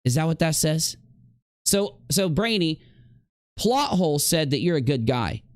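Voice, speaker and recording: A man's voice: a little high, lively intonation, measured pace, no echo, studio quality. A man streamer in a heated livestream rant, confrontationally addressing a rival directly.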